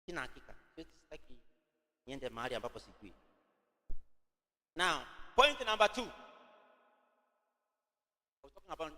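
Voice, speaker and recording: A Kenyan man teaches from the pulpit with a high, forceful voice, dictating each point slowly and saying it again and again so listeners can write it down. His words ring out with a long reverb in a large hall. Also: very animated. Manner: repeats phrases slowly for note-taking, mixes in Swahili. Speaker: preacher teaching at a youth camp. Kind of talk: teaching sermon dictated as notes.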